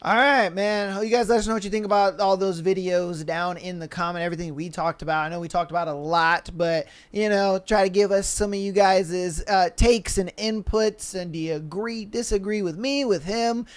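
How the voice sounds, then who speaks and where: A male podcast host with a strikingly high voice chats casually with his co-host. He is animated and swears freely, and he jumps into quoted voices on the fly. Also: moderate pace, few pauses, smooth. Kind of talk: casual chat.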